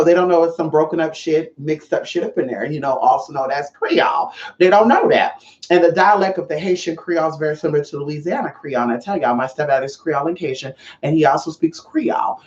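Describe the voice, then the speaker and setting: Vlogger for a spiritual channel, sassy and foul-mouthed, chatty monologue to camera, room echo, a bit dull. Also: mid-range voice. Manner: sassy, profane and chatty, addressing viewers as y'all. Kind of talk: casual vlog monologue. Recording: roomy, slightly dull sound.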